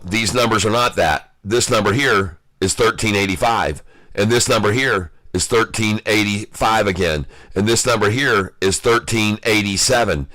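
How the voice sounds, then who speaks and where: A man giving live day-trading commentary, excitable and taunting, calling out prices and addressing viewers as folks. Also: on the low side, dry recording. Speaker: stock day-trader streaming live.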